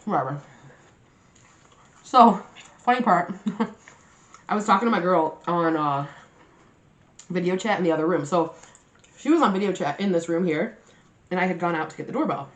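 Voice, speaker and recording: Chatty young woman with a low voice. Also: normal speed, long pauses. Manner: chatty and animated, swears freely, laughs often. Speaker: mukbang vlogger. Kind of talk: casual storytime chat to camera. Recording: roomy echoey room.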